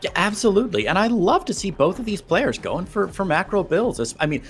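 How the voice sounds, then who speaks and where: Excitable male game commentator. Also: sits high, brisk, faint music behind. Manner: excitable, jokey banter. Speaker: esports commentator.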